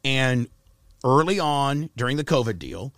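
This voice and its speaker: A man guesting on a podcast, talking in a blunt, profane, rambling way and clearing his throat often. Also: mid-range voice, expressive, a little slow, a bit bright, no room sound, studio quality. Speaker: radio personality guest. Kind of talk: casual podcast chat.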